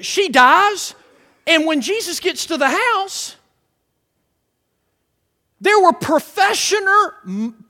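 A man preaching a sermon, swinging between loud shouted lines and hushed quiet ones. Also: very high-pitched. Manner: dramatic swings from shouting to near-whisper. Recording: long reverb of a hall.

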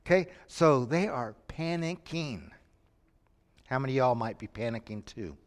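A man preaching a sermon, moving between quiet lines and sudden shouts. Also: mid-range voice, expressive, moderate pace. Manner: dramatic, shifts from quiet to shouting. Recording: long reverb from a hall.

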